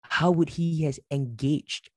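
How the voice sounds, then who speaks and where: A man with a fairly high-pitched voice leads a church workshop and tells stories with earnest conviction. He slips into the voices of the people in his anecdotes. His voice is recorded close and dry, with almost no room sound. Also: takes it slowly, no echo. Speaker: church leader giving a workshop. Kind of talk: conference workshop talk with storytelling.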